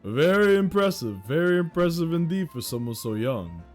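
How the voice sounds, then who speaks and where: A man's voice: on the high side, sing-song, normal speed, soft background music. A man voicing a composed, courteous male gang trainer in a polite, slightly formal way.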